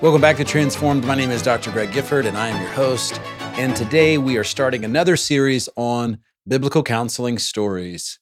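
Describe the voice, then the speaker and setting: A man's voice: medium pitch, fairly quick, over music. A man hosting a solo podcast, speaking into a close mic in a playful way with jokey asides. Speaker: podcast host.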